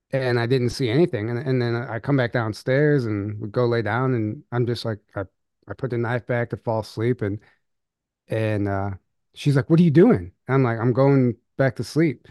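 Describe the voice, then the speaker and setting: A young adult man and podcast co-host telling a personal story in casual chat, halting with restarts and nervous laughs. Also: medium pitch, darkish tone, no room sound, studio quality.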